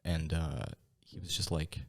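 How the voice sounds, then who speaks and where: A man hosting a podcast, chatting in a relaxed, laid-back way and calling his guests bro. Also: extremely low pitch, unhurried. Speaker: podcast host. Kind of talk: casual podcast conversation.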